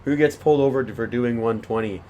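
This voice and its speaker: A man's voice: mid-range voice, fairly quick, dark tone, slight background noise. A young man co-hosting a casual podcast, telling a rambling story with swearing and laughs. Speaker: podcast co-host. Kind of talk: casual chat.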